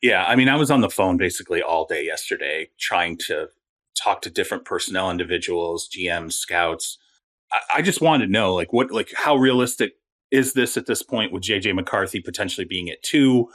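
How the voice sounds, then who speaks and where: A man reporting on sports in a casual talk show, telling stories in an animated way. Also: sits low, a little fast. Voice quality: animated, storytelling.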